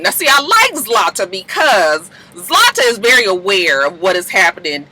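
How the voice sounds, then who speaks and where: A woman's voice: mid-range voice, sing-song, moderate pace, few pauses, bright, forceful tone, poor audio. A woman casually recapping a TV episode as a reviewer, chatty and slangy, breaking into laughter often.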